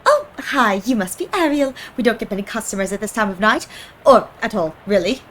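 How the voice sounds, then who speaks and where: A woman's voice: medium pitch, lively intonation, brisk, slight background noise, lightly acted. Casting: chatty young shop clerk in a game, friendly, bouncy intonation, read by a woman streamer.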